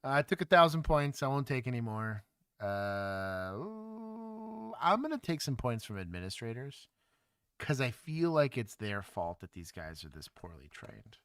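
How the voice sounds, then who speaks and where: A former police officer hosting a livestream, reacting bluntly and casually to bodycam footage with laughs. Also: male voice, medium pitch, very animated, a little slow, fairly bright tone, clear, resonant tone, no room sound, studio quality.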